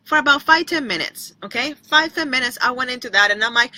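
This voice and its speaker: A woman's voice: high-pitched, animated, fairly quick, hardly any pauses, sharp tone, dry recording, poor audio. A woman speaking to her online viewers in a chatty, repetitive devotional talk, calling them by name and now and then breaking into a bit of song. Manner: breaks into short bits of singing. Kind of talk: inspirational livestream talk.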